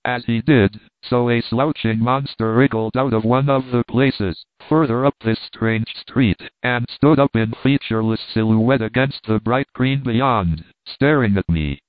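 A man reading a story aloud as scripted narration, in a steady, measured way. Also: mid-range voice, no echo. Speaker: audiobook narrator. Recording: tinny phone-like dry recording.

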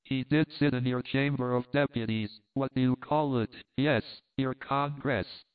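Flirtatious foreign countess in broken English, put on by a male reader; smooth voice, tinny lo-fi sound. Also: mid-range voice, steady tone, unhurried, natural voice. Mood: coaxing.

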